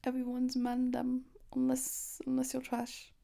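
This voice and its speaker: Brief: young woman streamer, playful hushed chat, mellow dark tone. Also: high voice, completely flat delivery, measured pace, vocal fry. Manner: playful, teasing, laughs often. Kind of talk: casual chat, often whispered.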